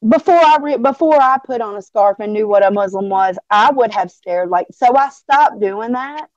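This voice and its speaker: A woman's voice: fairly high pitch, expressive, normal speed, no echo, dull audio. A middle-aged woman with a Southern American accent, talking emotionally and cussing freely as a guest on an online panel. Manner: chatty, emotional, swears freely. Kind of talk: casual chat.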